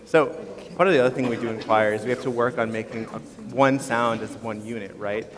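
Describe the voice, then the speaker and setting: A man, a choir teacher, leading vocal warm-ups at a school concert in an upbeat, encouraging, instructive way. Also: mid-range voice, fairly quick, soft background music. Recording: long hall reverb with audience.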